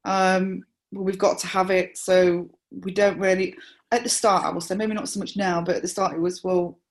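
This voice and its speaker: A woman, a supporter liaison officer, explaining her views in a measured interview with frequent restarts. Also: mid-range voice, level tone. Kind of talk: conversational interview.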